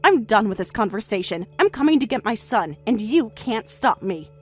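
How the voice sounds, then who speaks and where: Over faint background music, a woman voices a middle-aged mother who is frantic and defensive, her voice shrill, insistent and raised. The pitch swings widely, the speed is normal, and there's a breathy edge to it.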